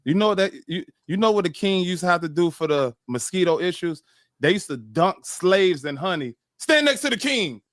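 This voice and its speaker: Higher-voiced man musing, dry close sound. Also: moderate pace, dry recording. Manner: stammering restarts, reflective. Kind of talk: casual podcast chat.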